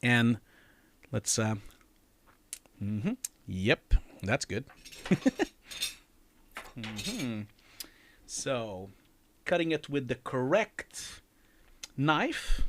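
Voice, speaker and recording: A man's voice: medium pitch, very animated, very slow, pauses often, a bit bright. A man in his forties hosting his own livestream, chatty and emotional, laughing often as he reads messages. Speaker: channel host. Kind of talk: casual livestream chat.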